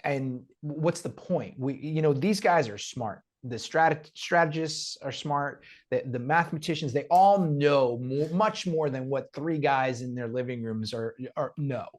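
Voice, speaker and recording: Casting: thoughtful male co-host with a middle-pitched voice, explains things patiently. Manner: measured, thoughtful, explains at length. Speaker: podcast co-host. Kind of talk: casual chat.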